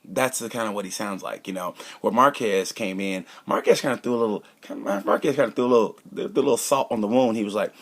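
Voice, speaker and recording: Talking fast with hardly any pauses, a motorcycle racing commentator with a fairly low, slightly bright voice delivers a casual, opinionated review of a race. He rambles, jokes, and sometimes whispers conspiratorially.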